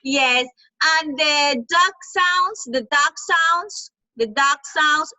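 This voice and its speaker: A woman's voice: high-pitched, extremely slow, pushed and bright, dry recording, low-quality recording. A woman whose first language is Spanish, teaching an online class to children over a video call. She repeats words patiently, coaxes the kids and mimics animal sounds. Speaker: English teacher.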